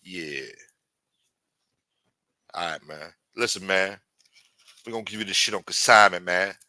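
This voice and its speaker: A man's voice: deep voice, a little slow, bright, forceful tone, no room sound, heavily acted. A man playing a threatening, profane street hustler in improvised comic role-play. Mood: menacing. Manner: profane, taunting, streetwise swagger. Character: menacing male street hustler, adult, threatening.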